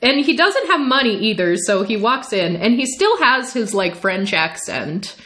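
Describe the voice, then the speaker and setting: A woman's voice: fairly high pitch, sing-song, normal speed, fairly bright tone. A woman co-hosting a casual podcast, summarizing a novel with frequent laughter and reading bits aloud. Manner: laughs often while recapping, reads passages aloud. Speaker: podcast co-host. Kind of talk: casual book discussion podcast.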